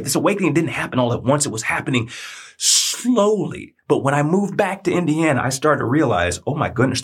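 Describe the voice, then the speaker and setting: Male podcast host, husky, earnest sermon-like delivery. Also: mid-range voice. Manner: earnest, preacherly, repeats phrases for emphasis. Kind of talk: personal storytelling monologue.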